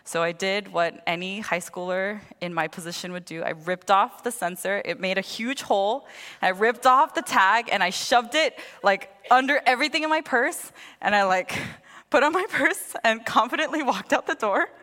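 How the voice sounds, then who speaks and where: A young woman preaches and tells a personal story with lively energy, slipping into the voices of the people in it. Her voice sits at a middle pitch for a woman, and the sound rings with the long reverb of a large hall. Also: moderate pace. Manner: animated storytelling, acts out voices.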